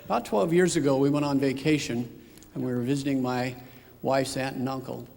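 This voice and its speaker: A middle-aged father gives a personal testimony at church, telling a story and acting out remembered dialogue. His mid-range voice is steady, brisk, creaky, and a little mellow, and the church hall is reverberant.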